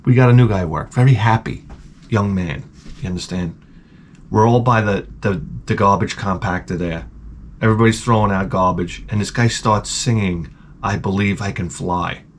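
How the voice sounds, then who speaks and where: A man telling a rambling, profane comic story with deadpan asides, as a vlogger. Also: on the low side, normal speed, a little hiss or hum.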